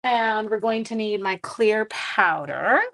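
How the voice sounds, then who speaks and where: A woman's voice: mid-range voice, slow pace, a bit bright. A woman hosting a casual craft demonstration live stream, chatting with her viewers and reading their comments in a friendly, self-deprecating way.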